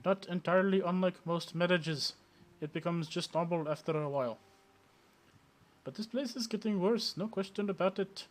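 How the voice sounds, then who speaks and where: A man's voice: high-pitched, moderate pace, pitched above the performer's own voice, natural voice. A man voicing a pushy middle-aged male street vendor in a put-on Indian accent, wheedling and grumbling. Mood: wistful. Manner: wheedling sales patter, wistful grumbling.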